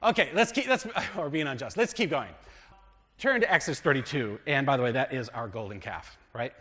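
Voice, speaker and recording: An American man preaching a teaching sermon in a church hall with a long reverb tail. His pitch moves a lot, up and down, as he reads scripture and poses fill-in questions to the room. He jumps from booming to soft from one phrase to the next. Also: expressive, a little fast. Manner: asks the congregation fill-in questions, dramatic swings in loudness. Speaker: pastor.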